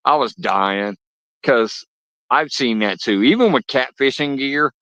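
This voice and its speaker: Speaking at a measured pace in a medium-pitched, slightly bright voice, a man chats with viewers during a lakeside fishing livestream. He tells profane stories full of laughter. There's no echo, though the audio sounds dull and lo-fi.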